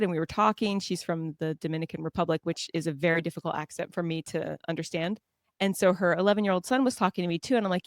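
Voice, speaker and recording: A woman from Southern California, chatting as a podcast guest with a low-ish voice. She tells stories in a lively, self-mocking way and laughs often. The sound is close and dry. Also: fast, no room sound. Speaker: guest author. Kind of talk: casual conversational storytelling.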